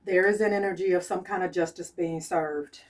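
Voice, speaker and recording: A woman reads tarot cards on camera, relaying messages as a medium. Her voice sits slightly low and she speaks softly, circling back to the same warnings again and again. She sounds a bit distant from the microphone. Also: steady tone, normal speed. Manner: soft-spoken, repeats her urgings insistently. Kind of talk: channeled tarot reading.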